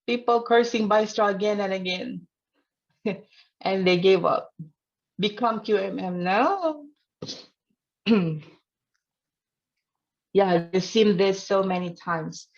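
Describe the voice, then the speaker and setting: A woman's voice: medium pitch, takes it slowly, long pauses, dull audio. A woman teaching a casual online trading lesson. She speaks simple non-native English and teases her viewers, laughing often. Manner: playful and teasing, laughing often. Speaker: trading instructor.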